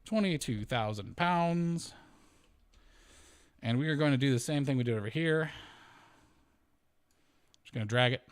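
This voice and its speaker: A man of ordinary pitch works through his calculations out loud in a loose, unscripted way. He corrects himself often and chuckles at his own slips. His voice keeps swinging up and down as he talks. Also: measured pace, long pauses, smooth. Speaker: homesteading channel host. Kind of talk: casual spreadsheet walkthrough.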